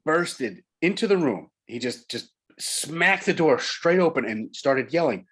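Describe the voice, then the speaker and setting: A man's voice: on the high side, lively intonation, measured pace, hardly any pauses, fairly bright tone, breathy edge. A man from Long Island, an author and guest, telling a ghost story in casual chat, building suspense through repetition. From Long Island, New York.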